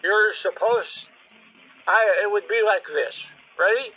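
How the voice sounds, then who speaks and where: A man hosting a podcast in casual chat, playfully acting clueless and deadpan while prank-calling a scammer. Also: high-pitched, slow pace, lo-fi sound.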